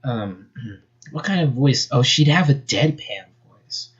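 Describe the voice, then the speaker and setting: Slow, animated, and husky, this young man's mid-range voice comes through on lo-fi audio as he reads a fan story out loud. An amateur reader, he's chatty, laughs at the writing, and drops off-script asides.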